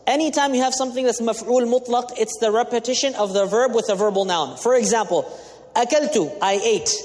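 Imam, male, high voice, teaching sermon with Arabic glosses, long hall reverb. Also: a little fast, a little mellow. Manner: explains Arabic terms with English glosses, asks the audience questions. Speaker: imam giving a talk.

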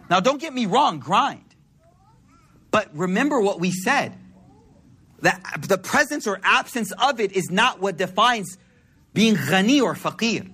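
Man, casual preacher, high pitch, husky edge. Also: lively intonation, a little slow, pauses often, bright, forceful tone. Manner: casual, storytelling with slang and quoted dialogue. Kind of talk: informal sermon.

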